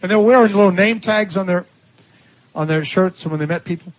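Captured on a dull, lo-fi recording, this preacher's high voice moves fairly quickly. His sermon is full of lively storytelling, with laughter and impersonations of the characters' voices.

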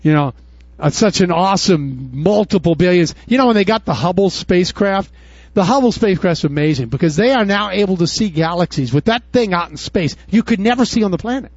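A man preaching with a high, very lively voice that leaps up in bursts and drops to a murmur. His talk is casual and folksy. The sound is dry and dull, slightly lo-fi. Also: brisk, no room sound. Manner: animated preaching, swings from loud high bursts to low murmurs; casual, folksy, says "dude" and "y'all". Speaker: pastor. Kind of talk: sermon.

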